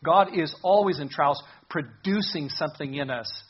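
A man's voice: fairly high pitch, normal speed, slightly rough, lo-fi sound. A man preaching a sermon, earnestly explaining scripture verse by verse. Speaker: pastor.

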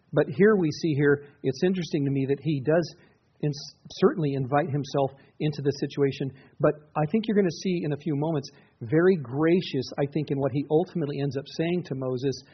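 A man's voice: fairly high pitch, slightly rough. A middle-aged man preaching a sermon in an earnest, conversational way, often restarting his sentences. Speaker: pastor. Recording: dull, muffled lo-fi recording.

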